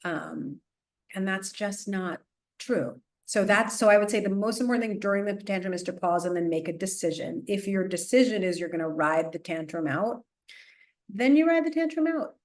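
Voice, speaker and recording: A woman speaking as a parenting expert guest in a casual podcast interview, animated and chatty, with frequent restarts, fillers and little laughs. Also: lowish voice, normal speed. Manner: laughs often while explaining.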